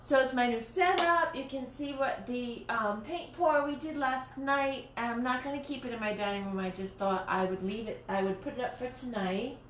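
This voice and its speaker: A woman hosts a casual live stream from her dining room, chatting while she crafts, rambling and often restarting her sentences. Her voice is fairly high and moves at normal speed with few pauses, in a roomy, echoey home space with faint noise.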